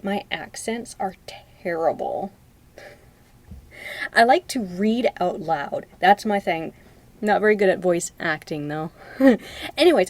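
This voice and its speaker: A young woman talks loosely and casually to her stream viewers. She rambles, doubles back to fix her own sentences, and laughs easily along the way. Her voice sits at an ordinary middle pitch. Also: a little mellow. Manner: chatty, rambling, laughs often, self-correcting. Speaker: live streamer showing reference photos. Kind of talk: casual live-stream chat.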